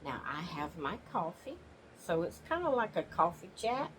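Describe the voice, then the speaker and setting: A woman hosting her own channel, chatting casually from her rocking chair at home in a slow, homey, rambling way and yawning now and then. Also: on the low side, very animated, fairly bright tone, a little hiss or hum, low-quality recording. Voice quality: slow, drawling, yawns often. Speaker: channel host. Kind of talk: casual chat.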